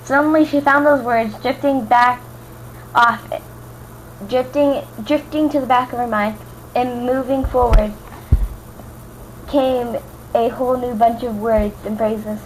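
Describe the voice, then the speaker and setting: A woman's voice: a little high, steady tone, a little slow, pauses often, a little hiss or hum, rough recording. A young woman from Louisiana casually reading fan fiction aloud, stumbling, rereading words and adding chatty asides. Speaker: amateur reader.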